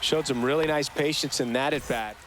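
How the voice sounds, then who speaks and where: A man voicing a fast-talking baseball color analyst. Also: medium pitch, fairly even intonation, close to an everyday voice. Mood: analytical. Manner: measured, explanatory analysis. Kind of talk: scripted video game commentary. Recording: game audio with background noise.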